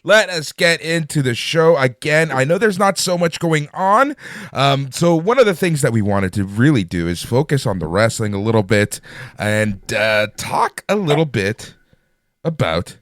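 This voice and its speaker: A man co-hosts a casual podcast with a lively, swooping delivery, swearing freely and rambling between topics. His voice sits at a middle pitch and is recorded dry and close to the mic. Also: no room sound. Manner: animated, profane, rambling. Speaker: podcast co-host. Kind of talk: casual sports and wrestling chat.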